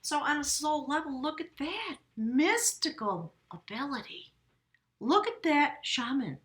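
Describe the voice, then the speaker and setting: A woman's voice: high-pitched, big pitch swings, unhurried, fairly bright tone. A woman giving a casual spoken tarot reading, effusive and rambling, talking straight to her viewers and often correcting herself mid-sentence. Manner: talks directly to viewers, often self-correcting. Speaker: tarot reader.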